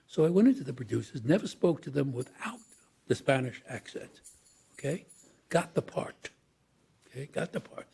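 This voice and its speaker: A man's voice: medium pitch, sing-song, normal speed, creaky, pauses often, warm tone, husky. An older man, an actor as a guest, telling long rambling anecdotes in an interview and acting out the voices he quotes. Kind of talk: storytelling interview.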